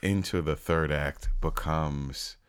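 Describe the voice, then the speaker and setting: A man co-hosting a film podcast in casual chat, with a laid-back, drawn-out delivery. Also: extremely low pitch, steady tone, clean tone. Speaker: podcast co-host.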